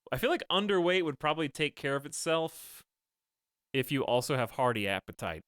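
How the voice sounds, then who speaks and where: A man's voice: fairly high pitch, sing-song, brisk, a bit bright, clean tone, no room sound, studio quality. A man streaming a video game, chatting casually and thinking aloud as he plays, often laughing at his own jokes. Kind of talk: casual gameplay commentary.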